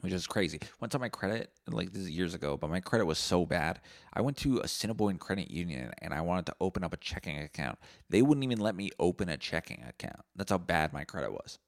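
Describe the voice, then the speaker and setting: A man's voice: sits low, lively intonation, fast, vocal fry, no echo, clean studio sound. A man, hosting a solo podcast and rambling through profane, jokey stories. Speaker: podcast host. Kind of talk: solo comedic podcast monologue.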